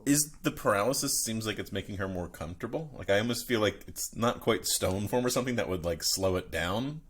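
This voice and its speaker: Animated joking male player. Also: lowish voice, a little fast. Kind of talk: casual tabletop play.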